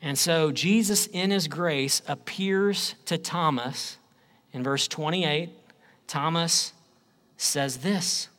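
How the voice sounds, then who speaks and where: A preacher man delivers his sermon at an unhurried, deliberate pace, his voice sitting a little high for a man. He leans hard on key phrases, then drops to something low and quiet. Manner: emphatic preaching, swings between loud declarations and low quiet phrases. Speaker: pastor.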